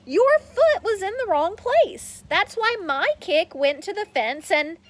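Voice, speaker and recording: A woman's voice: extremely high pitch, very animated, takes it slowly, pitched above the performer's own voice, full character voice. A woman voicing an eager young boy who loves experiments, reading a storybook aloud. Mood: earnest. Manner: earnest, eager. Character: earnest nerdy young boy scientist.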